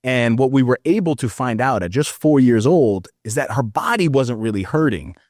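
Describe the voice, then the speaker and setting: A man in his thirties, a podcast guest, telling stories in an earnest, animated way and calling the listener brother. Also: medium pitch, normal speed, no room sound, clean studio sound. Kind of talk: casual interview chat.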